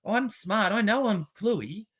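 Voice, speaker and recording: A man voicing an excited young school child, loud and wide-eyed. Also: high-pitched, slow pace, voice pushed up, exaggerated voice.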